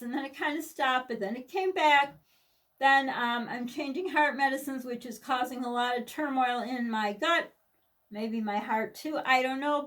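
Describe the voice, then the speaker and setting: A woman's voice: sits high, distant mic. A middle-aged woman from the United States, talking candidly and rambling in a personal vlog, with many restarts and asides. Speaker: vlogger.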